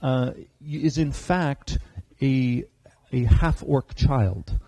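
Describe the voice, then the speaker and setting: A man's voice: medium pitch, extremely slow, vocal fry, warm tone, no room sound, low-quality recording. A man narrating a tabletop game as game master, hesitant, with many filler sounds, on a convention stage.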